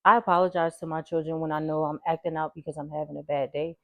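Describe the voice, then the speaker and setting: A woman's voice: low-pitched, level tone, fast talker, gravelly, no room sound, narrow, tinny audio. A young woman co-hosting a podcast, chatting casually with a blunt, profane, teasing manner. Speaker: podcast co-host. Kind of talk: casual chat.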